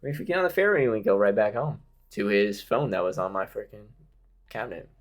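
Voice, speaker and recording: A man's voice: on the low side, fast. A man in his twenties telling a long story as a podcast guest, rambling and laughing along. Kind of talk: casual storytelling.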